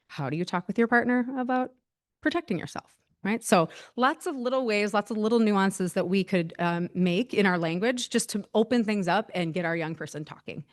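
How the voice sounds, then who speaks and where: Woman presenter, conversational lecture delivery, filler-heavy and self-deprecating. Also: medium pitch. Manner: chatty, many fillers, laughs at herself. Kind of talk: casual presentation.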